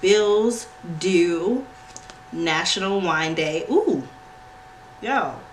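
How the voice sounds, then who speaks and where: A woman hosting a planner unboxing vlog, gushing and squealing with excitement. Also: lowish voice, extremely slow. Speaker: planner channel host. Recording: noisy home recording with clicks.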